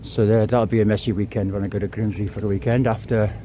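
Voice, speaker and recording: A man's voice: on the low side, flat delivery, fast talker. A man, chatting and rambling as he walks for a travel vlog, a little out of breath, swearing and apologizing. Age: 50s. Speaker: travel vlogger. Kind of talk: casual walking vlog. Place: city streets outdoors. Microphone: clip-on mic to phone. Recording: outdoor street noise.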